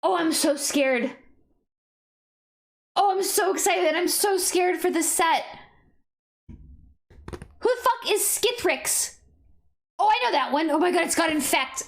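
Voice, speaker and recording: A young woman streaming and chatting casually, bursting into excited exclamations and casual swearing. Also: extremely high pitch, moderate pace, gravelly. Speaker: streamer reviewing card sets. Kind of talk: casual livestream chat.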